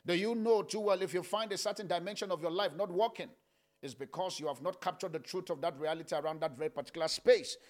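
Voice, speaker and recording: A man preaching a sermon, swinging between loud calls and soft, low murmurs, with frequent "uh" fillers. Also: quick pace. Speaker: pastor.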